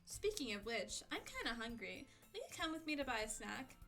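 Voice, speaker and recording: A woman's voice: high voice, very animated, a little fast, bright, forceful tone, faint music behind, full character voice. A woman voicing a cheerful, bubbly teenage schoolgirl in a sing-song way, reading visual novel lines aloud. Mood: playful.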